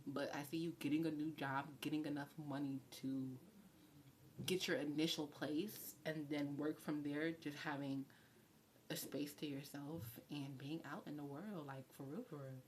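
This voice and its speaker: A woman doing a live tarot reading, talking in a chatty, effusive way and sometimes dropping to a soft whisper. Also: low voice, steady tone, normal speed, slight background noise. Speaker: tarot reader.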